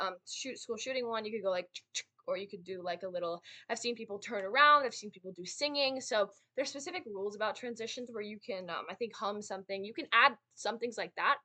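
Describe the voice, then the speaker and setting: A young woman explains performance technique in a casual lesson. She talks fast and chattily, with plenty of fillers and tag questions. Her voice is bright and forward. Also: medium pitch. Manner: chatty, many fillers and "right?" tags. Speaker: speech and debate student teaching.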